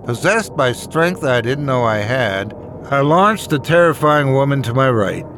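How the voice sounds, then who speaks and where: Man narrating a dark horror tale. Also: medium pitch, lively intonation, background noise. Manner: measured, dramatic storytelling. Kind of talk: scripted first-person horror narration.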